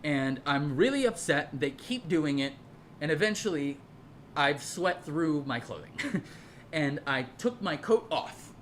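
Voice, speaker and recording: Medium-pitched and a little slow, this speaker has lively intonation, with slight background noise present. In a casual, heated monologue full of profanity, they ramble through a personal story, often repeating and restarting.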